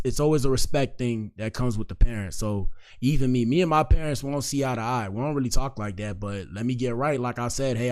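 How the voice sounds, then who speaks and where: A male host gives casual reaction commentary in a relaxed, slangy manner. He talks straight to his viewers and shouts out their comments. His voice sits in an ordinary middle pitch. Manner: laid-back, slangy, addresses chat directly.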